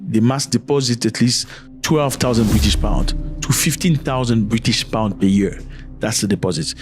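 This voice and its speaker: A man's voice: medium pitch, darkish tone. A man hosting an opinion vlog, talking in an emphatic, preachy way and jumping his voice up to stress his points. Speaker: host.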